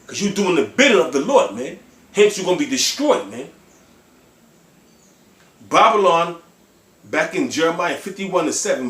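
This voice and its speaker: A man preaching in a fiery, emphatic way, with a fairly high voice. He is blunt and profane, and he keeps tagging his lines with "man." The sound is roomy, with plenty of echo around him. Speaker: preacher on a livestream. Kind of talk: impassioned religious preaching. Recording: echoey room.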